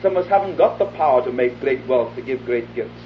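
A man preaching an evangelistic sermon, earnest, acting out little dialogues and dropping to an intimate hush for his appeal. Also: mid-range voice, animated, fast. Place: hall before a live audience. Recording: dull lo-fi archive tape with faint hiss.

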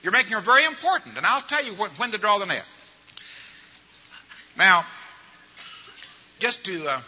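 Older male preacher, high bright voice, folksy storyteller; muffled recording in a big reverberant hall. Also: very animated, moderate pace. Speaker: evangelism trainer. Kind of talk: sermon-style training talk with stories. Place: large church or auditorium.

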